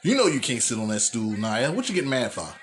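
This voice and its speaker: A man hosting a casual comedic wrestling recap podcast. He tells profane, animated stories and jumps into exaggerated voices when he quotes people. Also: mid-range voice, fast, noisy background. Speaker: podcast host.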